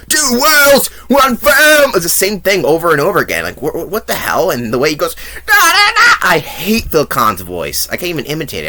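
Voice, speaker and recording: A man's voice: mid-range voice, sharp tone. A man giving a blunt, profane movie review monologue, ranking things and mocking what he hates. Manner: blunt, profane and mocking, with fake sung bits.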